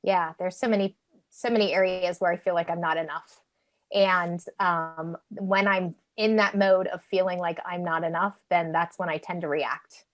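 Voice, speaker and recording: A woman's voice: fairly low pitch, steady tone, normal speed, no echo. A woman on a podcast, talking reflectively and earnestly about feeling not enough. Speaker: podcast co-host. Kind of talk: casual podcast conversation.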